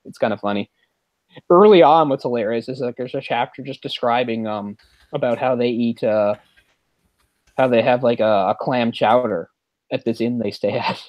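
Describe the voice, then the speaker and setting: Male podcast host, rambling and animated, mid-pitched, dry close mic. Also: no echo, highs cut off. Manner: rambling, animated, quick laughs. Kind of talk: casual movie chat.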